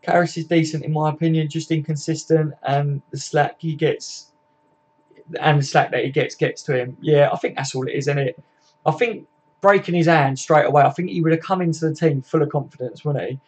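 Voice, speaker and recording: Young male stream host, slightly high voice, chatty, matey, reads comments aloud. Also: fairly quick, slightly rough. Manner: chatty, full of tag questions and "mate". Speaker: fan channel host. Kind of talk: casual live-stream chat reading viewer comments.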